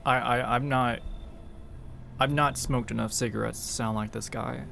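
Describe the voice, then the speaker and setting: A man's voice: medium pitch, steady tone, moderate pace, gravelly, noisy background. A man streaming a game, joking and talking to his chat in a loose, hesitant way. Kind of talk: casual game commentary. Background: game music.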